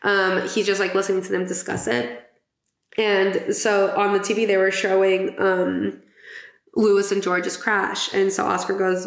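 A woman's voice: mid-range voice, normal speed, creaky, reverberant. A woman hosting a podcast in casual chat, chatty and giggly, swearing casually. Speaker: podcast host.

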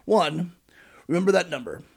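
A sarcastic man narrates with irreverent, foul-mouthed asides. His voice is gravelly and husky, slightly higher than most. It swings widely in pitch as he jokes. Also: moderate pace. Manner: sarcastic, profane. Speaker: podcast host.

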